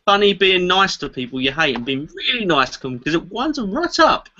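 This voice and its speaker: A man's voice: high voice, sing-song, brisk, bright, forceful tone. A man on a live video-call panel, bantering in a teasing, jokey way and laughing often. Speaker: panel member. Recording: dull lo-fi call with chatter behind.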